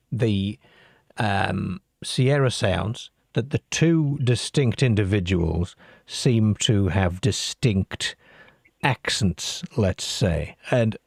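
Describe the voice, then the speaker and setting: Slow, gravelly-voiced late-night radio host man. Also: fairly low pitch, no echo, clean studio sound. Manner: slow, measured, with many fillers. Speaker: host of a call-in show.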